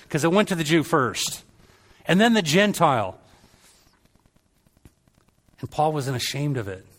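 A middle-aged man preaching a sermon, telling stories and acting out quoted voices with lively energy. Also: high-pitched.

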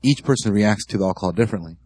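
Low-voiced, deadpan man in podcast chat. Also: racing, breathy edge. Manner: terse and deadpan. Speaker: podcast co-host. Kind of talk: casual chat.

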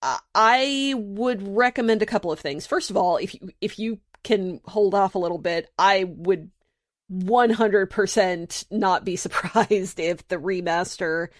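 A woman's voice: medium pitch, measured pace, no echo, studio quality. A woman co-hosting a podcast, talking casually and a little hesitantly, often restarting her sentences. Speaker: podcast co-host.

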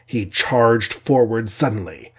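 A man narrating a children's adventure audiobook in a steady, measured reading voice. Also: on the low side, slightly rough. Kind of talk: scripted storybook narration.

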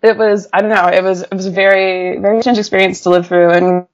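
A woman journalist telling stories casually in an interview, animated, with frequent laughs and fillers. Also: medium pitch, fast talker, lo-fi sound. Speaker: journalist guest.

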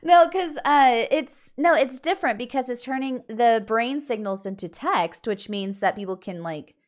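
A woman's voice: on the high side, moderate pace. A woman co-hosting a podcast in casual chat, asking questions and giving short agreeing replies. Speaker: podcast co-host.

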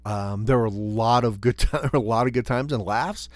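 A middle-aged man reflecting earnestly on hard times, talking in a halting way with lots of fillers and restarts. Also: fairly low pitch, no echo. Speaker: storyteller recounting his hike. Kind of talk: casual spoken reflection.

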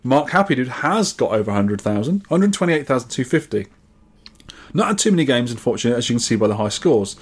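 A man's voice: mid-range voice, big pitch swings, fast, breathy edge. A man from England co-hosting a podcast, reading out listener scores and comments with wry asides in casual chat. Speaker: podcast co-host.

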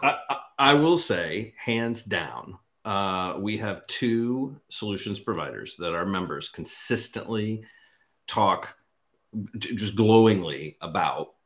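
A man's voice: lowish voice, lively intonation, slow, fairly bright tone. A man hosting a podcast, upbeat and teasing in casual banter. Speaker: podcast host.

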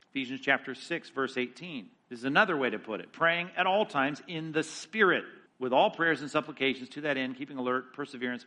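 A man teaching the Bible in a sermon style, his voice bright and forceful and set a little high. He reads Scripture with rising emphasis, then drops into quick, casual asides. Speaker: pastor teaching a Bible study.

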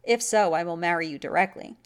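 A woman's voice: lowish voice, quick pace, smooth, natural voice. A woman voicing a stern, secretive old huntsman. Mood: grave. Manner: solemn and commanding. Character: stern secretive middle-aged male huntsman. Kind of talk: audiobook story reading.

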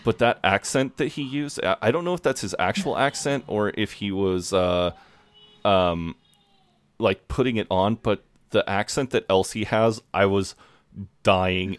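A podcast co-host with a low-sitting voice and moderate pace chats casually, swearing freely and often restarting his sentences.

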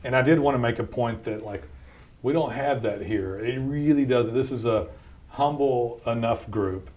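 At normal speed and in a medium, somewhat mellow voice, a man hosting a podcast recounts how he founded his company, bluntly and folksily, with frequent laughter.

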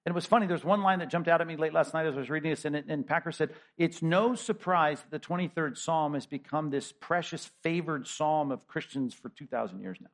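A middle-aged male pastor preaching a sermon, his voice sitting a little high for a man. He talks in a conversational, emphatic way, asking rhetorical questions and often restarting his sentences. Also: a little fast, few pauses.

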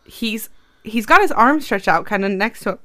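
A woman's voice: on the high side, animated, moderate pace, a bit bright, no echo, studio quality. Woman chiming into a story. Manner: adds short comments to another person's story. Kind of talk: casual chat.

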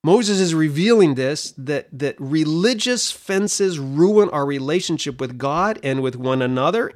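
Middle-aged guy with a slightly high voice, chatty bible study podcast host, goes off on tangents. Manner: animated, chatty, digressive.

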